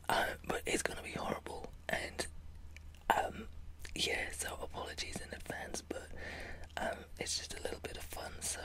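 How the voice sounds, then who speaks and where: A British woman chatting in a soft whisper for her ASMR vlog, friendly and apologetic. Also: extremely high pitch. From Britain. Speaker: ASMR channel host.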